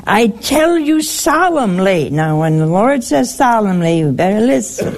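An older woman hosting a call-in religious talk show, answering a caller slowly and emphatically and quoting scripture. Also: medium pitch, big pitch swings, a little mellow. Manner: slow, emphatic, quotes scripture.

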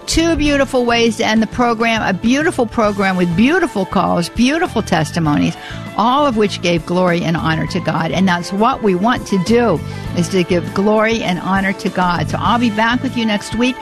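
A woman's voice: medium pitch, lively intonation, moderate pace, soft background music. A woman hosting a Catholic call-in radio show, effusive and full of praise, with frequent restarts and repeated words.

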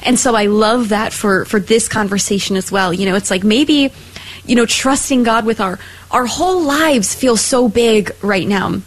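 A woman's voice: a little high, moderate pace, low-quality recording. A woman hosting a faith conversation who affirms her guest and gathers her thoughts with lots of fillers as she poses questions. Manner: affirming, many fillers, searching for words. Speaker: podcast host.

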